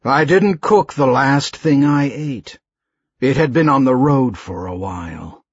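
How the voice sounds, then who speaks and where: A man doing a cold growling beast-man killer, slow, husky, dull lo-fi audio. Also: medium pitch, expressive, dry recording. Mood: menacing. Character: brutal male killer who claims to be an alien beast.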